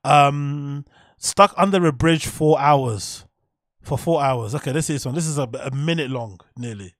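A man's voice: fairly high pitch, normal speed, dry recording, studio quality. A man hosting a stream, giving blunt, profane reaction commentary on comedy clips and laughing often.

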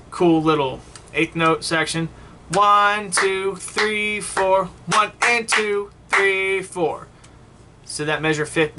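A man leads a saxophone lesson, walking through each step and checking in often with the listener. His voice is very bright and sits a little high. A faint hiss of noise runs under the recording. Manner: explains step by step, checks in with "okay?" and "right?". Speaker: saxophone teacher. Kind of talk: online music lesson.

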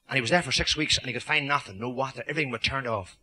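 A man's voice: medium pitch, racing, bright, forceful tone, breathy edge. An Irish man telling jokes to a live club audience in cheeky storytelling patter. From Ireland. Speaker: club comedian. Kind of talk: live stand-up joke telling. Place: social club function room, live audience.

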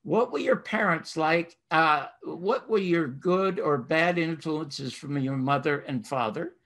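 A man's voice: fairly high pitch, takes it slowly, a bit bright. Effusive older man hosting interviews. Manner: effusive, long-winded questions, emphatic. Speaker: host. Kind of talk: talk show interview.

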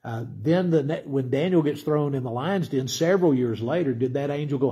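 A man's voice: mid-range voice, brisk, dark tone, husky, highs cut off. A middle-aged man giving a conversational Bible teaching sermon, often asking his listeners questions. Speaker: pastor.

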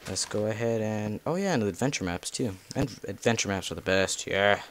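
This gameplay video creator speaks in a lowish, animated voice at a brisk clip. He gives loose, rambling commentary as he plays, muttering to himself and cursing the monsters.

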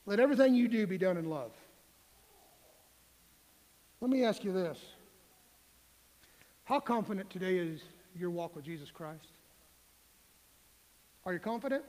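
A man preaching in a church sanctuary, his voice sitting unusually high for a man. He speaks plainly and earnestly, pressing the congregation with questions, and a long hall reverb trails after each phrase. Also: animated, moderate pace, long pauses, darkish tone. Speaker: pastor. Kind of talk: sermon.

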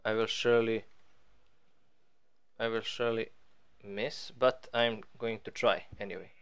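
Slow, smooth-voiced man playing a game. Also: fairly low pitch, level tone, a bit bright. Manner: rambling, playful, self-mocking. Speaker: gaming channel host. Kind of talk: casual let's-play commentary.

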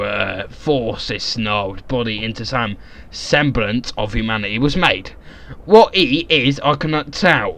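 A man reading as a grave Victorian gentleman. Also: mid-range voice. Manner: theatrical reading voice. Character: gentleman in a game's notes.

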